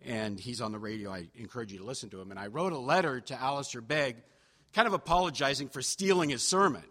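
Man, preacher, storytelling sermon, chatty, self-deprecating, bright tone, church reverb. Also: medium pitch. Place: church sanctuary.

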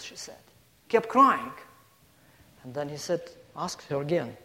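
A man's voice: fairly high pitch, animated, takes it slowly, pauses often, sharp tone. A man giving a guest sermon, emphatic, listing points and telling a story to a congregation. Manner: emphatic, building lists and storytelling. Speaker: guest preacher. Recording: long hall reverb.

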